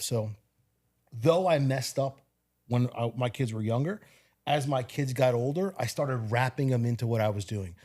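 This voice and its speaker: A man of ordinary middle pitch talking in a casual podcast chat. He rattles along in quick bursts, packing his advice with fillers and small restarts. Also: a little mellow.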